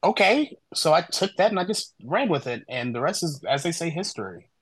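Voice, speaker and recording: A man, a guest on a podcast, telling personal stories in an animated, conversational way and acting out the voices of friends he quotes. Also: on the high side, brisk, no room sound, low-quality recording. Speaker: guest, human design reader and author.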